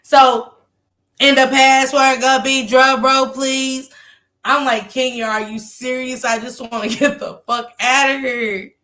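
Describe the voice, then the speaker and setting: Woman caller, slow drawl, bright higher voice, animated storyteller. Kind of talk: casual storytelling on a call.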